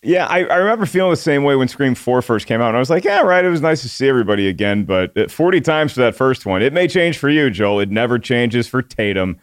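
A man's voice: mid-range voice, animated, brisk, few pauses, dry recording, studio quality. A man hosting a film podcast, chatting casually and introducing the guest with playful puns. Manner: upbeat, playful host patter with puns. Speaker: podcast host.

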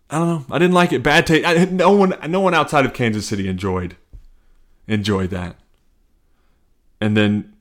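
A man hosting a comedy podcast, ranting loosely and swearing freely. He rambles through restarts and leaps into sudden high-pitched bits, and his speaking voice sits at an ordinary middle pitch. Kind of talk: casual comedic rant.

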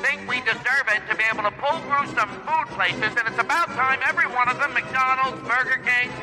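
A man's voice: very high voice, a little fast, over music, poor audio. A man voicing a brash, foul-mouthed male city mayor who insults and blusters. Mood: speechmaking.

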